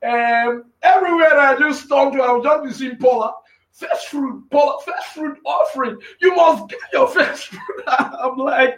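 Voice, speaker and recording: A man with a very high voice preaches to a live online audience. He talks in an excitable, rambling way and keeps checking in with his listeners. The sound bounces around an echoey room. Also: measured pace. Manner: excitable, repeats himself, frequent "you know what I'm saying". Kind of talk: live-streamed preaching and casual talk.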